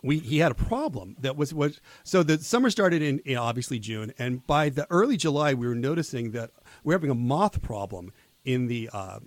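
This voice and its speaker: A man's voice: medium pitch, animated, moderate pace, no echo. A man in his fifties hosting a college radio show, telling stories in a loose, rambling way with many restarts. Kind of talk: casual on-air chat. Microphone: studio microphone.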